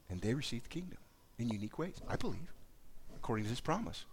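An earnest male pastor preaching to his congregation at a middle pitch. He talks with steady conviction and drives his points home through repeated phrases. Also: quick pace, hardly any pauses, breathy edge. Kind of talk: sermon.

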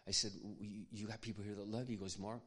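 A man preaching, telling a personal story in an earnest, confiding way that often drops to a hush. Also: on the low side, little pitch movement, quick pace. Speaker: pastor. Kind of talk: sermon storytelling.

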